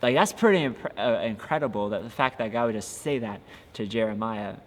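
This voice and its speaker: A man's voice: on the low side, lively intonation, a little fast. A young man, a youth pastor, giving an earnest, encouraging devotional talk with frequent filler sounds. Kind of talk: casual devotional podcast talk. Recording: long reverb with faint ambient noise.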